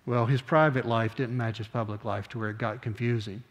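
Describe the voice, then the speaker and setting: Older guy preaching a sunday sermon, earnest, slows way down on the big lines, mid-pitched, lots of church reverb. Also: fairly even intonation. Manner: earnest, slows down on key phrases, conversational asides. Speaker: pastor. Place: church sanctuary.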